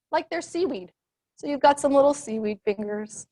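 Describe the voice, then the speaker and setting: A woman's voice: high-pitched, lively intonation, normal speed, mellow. A young adult woman leading a kids yoga class, giving playful, encouraging sing-song cues.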